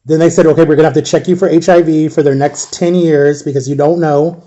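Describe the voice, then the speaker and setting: A young man telling his own painful story, halting and repeating himself, close to tears at times. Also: a little high, steady tone, dark tone, highs cut off. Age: young adult. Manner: halting, repeats himself, acts out quoted voices. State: emotional, near tears. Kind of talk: personal storytelling.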